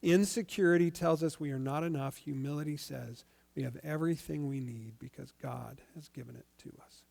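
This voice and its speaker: A male pastor giving a sermon in a conversational, animated storytelling way. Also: on the high side, brisk, creaky, hardly any pauses.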